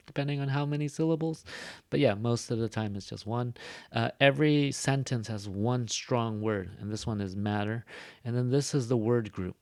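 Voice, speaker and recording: Casual Californian male teacher, lower voice, talks loosely with lots of fillers, dry close sound. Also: gravelly, no room sound. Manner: relaxed and rambling, with many fillers and asides. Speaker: ESL teacher. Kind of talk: casual recorded lecture.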